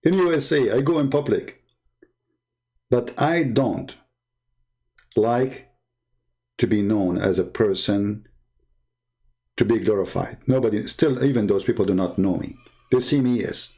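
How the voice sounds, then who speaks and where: Unhurried and mellow, with long pauses, a Christian public speaker gives an earnest, emphatic interview in non-native English phrasing. When quoting others, he performs their voices with large pitch swings.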